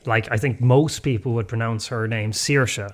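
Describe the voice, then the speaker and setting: A man's voice: medium pitch, fairly even intonation, moderate pace. A man co-hosting a casual podcast chat, talking thoughtfully with many hedges and fillers. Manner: thoughtful, hedging, lots of fillers. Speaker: podcast co-host. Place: North Clare, Ireland.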